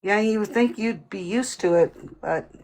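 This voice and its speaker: A woman hosting a relaxed live stream. She reads out viewers' comments and answers each one in a playful, easygoing way. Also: mid-range voice, unhurried. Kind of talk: casual live-stream chat.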